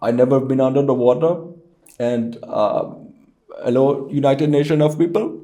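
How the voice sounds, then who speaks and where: A man putting on a South Asian English accent as an excitable, lost speaker making grand declarations. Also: lightly acted. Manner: fast and high-pitched, speechy.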